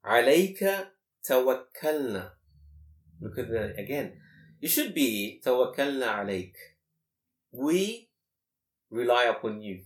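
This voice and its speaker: A man teaching a class on Quranic grammar, explaining with many rhetorical questions and quick Arabic recitation. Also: mid-range voice, lively intonation. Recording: echoey room.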